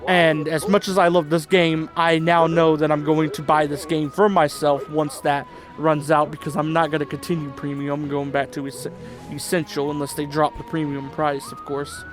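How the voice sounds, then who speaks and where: A man's voice: a little high, little pitch movement, moderate pace. A man giving rambling, chatty let's-play commentary, laughing between thoughts. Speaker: gaming channel host. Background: faint game music.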